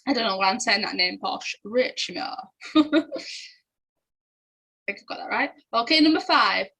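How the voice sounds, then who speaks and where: A woman's voice: a little high, animated, moderate pace, a bit bright, rough recording. A young woman, chatting casually as she goes through quiz answers and laughing often. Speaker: quiz host.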